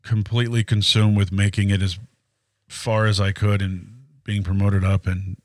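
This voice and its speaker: A man's voice: on the low side, level tone, moderate pace, darkish tone, dry recording, studio quality. A man chatting as a podcast guest, telling stories in a talkative, easygoing way. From Atlanta area, US. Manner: chatty storyteller. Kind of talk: casual chat.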